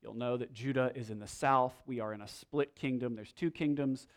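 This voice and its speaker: A man's voice: medium pitch, steady tone, moderate pace. A male pastor preaching a sermon, praying and reading scripture, with a conversational manner, asides and rhetorical questions.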